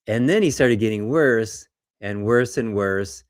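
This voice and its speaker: A man, a doctor, presenting lab results in a lecture, telling patient stories in a conversational, animated way and acting out what patients said. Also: on the low side, measured pace, no room sound, studio quality. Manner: conversational, animated storytelling, acts out patients' words.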